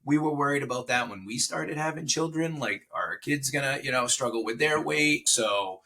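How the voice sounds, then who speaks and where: A man's voice: mid-range voice, moderate pace, creaky, pushed and bright. Emotional man telling his story. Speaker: podcast guest. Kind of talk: casual interview chat.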